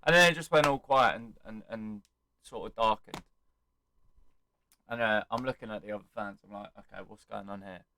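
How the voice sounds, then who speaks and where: A man's voice: on the low side, normal speed, pauses often, sharp tone, slight background noise, poor audio. A young man recapping an event he attended, telling it animatedly and acting out the quotes and chants. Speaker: wrestling fan vlogger. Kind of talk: excited casual recap.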